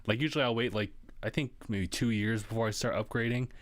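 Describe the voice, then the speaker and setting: A man's voice: medium pitch, fast, no room sound. A young man hosting a podcast in casual chat, easygoing, with short hums and quips. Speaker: podcast host.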